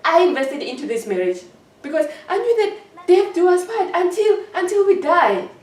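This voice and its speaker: A woman's voice: very high voice, sing-song, normal speed, darkish tone, reverberant, distant mic. A woman giving an emotional personal account in an interview, hurt and indignant, often repeating herself.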